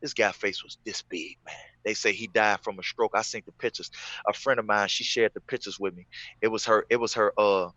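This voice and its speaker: A man's voice: lowish voice, steady tone, a little fast, bright, forceful tone, no room sound, dull audio. A man, a former prisoner, tells his story in a casual interview, repeating phrases for emphasis.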